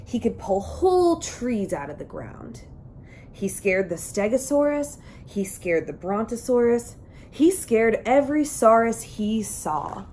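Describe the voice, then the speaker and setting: A woman's voice: mid-range voice, mellow, a little hiss or hum. A woman reading a children's picture book aloud, telling the story expressively and acting out the characters. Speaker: reader.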